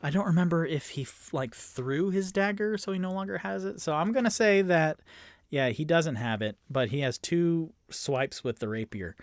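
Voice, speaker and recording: This man's voice is a little high and moves at a moderate pace in a dry recording. He narrates a tabletop game by himself, playing game master and player alike, rambling with fillers and letting out groans of dread.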